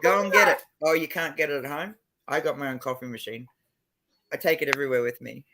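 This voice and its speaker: A woman's voice: rumbling low, fairly quick, background noise. A woman hosting a livestream, chatting casually with viewers in a brash, swearing manner. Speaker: livestream host.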